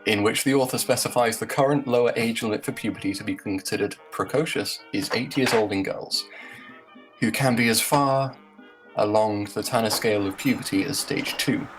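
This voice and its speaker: A man's voice: on the low side, a little fast, vocal fry, music in the background, low-quality recording. A man hosting a group video call, reading his blog post aloud with sarcastic, joking asides. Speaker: host.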